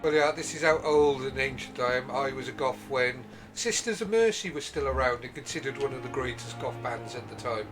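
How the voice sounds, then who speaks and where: A man's voice: medium pitch, brisk, hardly any pauses. A man in his forties streaming a video game, chatting casually with joking, self-deprecating asides. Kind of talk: casual gameplay commentary. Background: game music.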